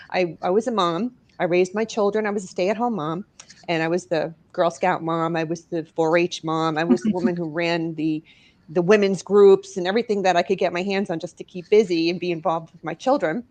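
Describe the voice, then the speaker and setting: A middle-aged woman from New York, a guest author and paranormal investigator, telling an emotional personal story in a studio. She is expressive, rising and dropping her voice as she goes. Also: lowish voice. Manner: expressive, rises and drops as she tells the story.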